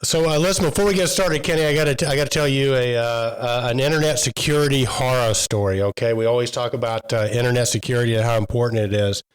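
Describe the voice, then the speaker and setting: A man's voice: mid-range voice, quick pace, hardly any pauses, clean tone, low-quality recording. A man co-hosting a trade podcast in casual chat, telling stories in a rambling way with many fillers. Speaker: podcast co-host.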